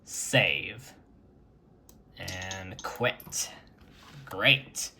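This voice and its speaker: A man's voice: sits low, gravelly, pushed and bright. A man chatting casually as he records his screen and talks through an old computer setup. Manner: unhurried, chatty, mutters while clicking. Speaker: retro computing vlogger.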